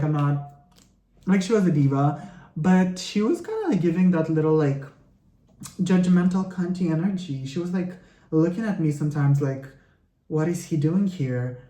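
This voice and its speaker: A man's voice: fairly high pitch, dark tone. A young man ranting as a vlogger while he gets ready, sassy, profane and rambling, full of filler "like"s, sounding tired and a bit sick. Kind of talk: get-ready-with-me rant. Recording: echoey room.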